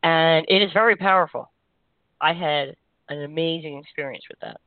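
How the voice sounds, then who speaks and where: A woman energy healer hosting a call-in show, giving gentle, reassuring spiritual guidance in a meandering way. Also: sits low, normal speed, no room sound. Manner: gentle, reassuring, meandering with frequent "you know". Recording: dry, tinny phone-line sound.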